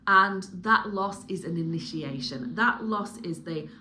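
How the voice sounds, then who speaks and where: A woman's voice: on the low side, a little slow, bright, forceful tone, slight background noise. A middle-aged woman with a Yorkshire accent, musing through a solo book talk with many restarts and fillers. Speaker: book reviewer.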